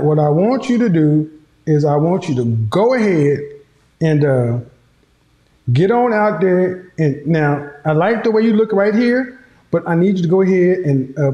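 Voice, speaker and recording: A man's voice: a little high, expressive, normal speed, mellow, echoey room. A man hosting a casual commentary, teasing and mocking with frequent laughter. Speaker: host.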